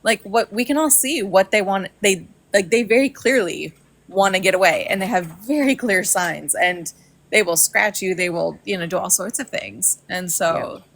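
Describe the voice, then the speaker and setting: A woman on a livestream panel, agreeable and quick to laugh, talking in restarts. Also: medium pitch, gravelly, fairly bright tone. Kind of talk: casual live discussion.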